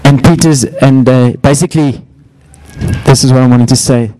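A man's voice: steady tone, fairly quick, warm tone, low-quality recording. A middle-aged man preaching a sermon, telling stories and acting out quotes in a raised voice. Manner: storytelling, acts out quotes with raised pitch. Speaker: pastor.

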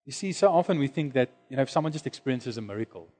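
A man preaching a sermon, dropping to hushed low lines and then rising to loud, high exclamations. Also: animated, rapid-fire. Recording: long hall reverb.

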